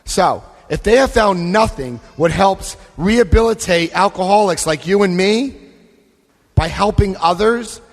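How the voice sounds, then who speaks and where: A man giving a lively recovery talk to a live convention audience, acting out scenes and voicing quotes. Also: high voice. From United States. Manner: animated, acts out scenes, shifts voice for quotes. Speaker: AA convention speaker. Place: convention hall. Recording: long hall reverb.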